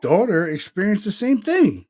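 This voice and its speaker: A man's voice: high-pitched, wildly swooping pitch, moderate pace, a little mellow. A middle-aged man hosting a podcast, telling a story in a rambling, casual way, swearing freely and calling his listener "man" and "dude.". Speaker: podcast host.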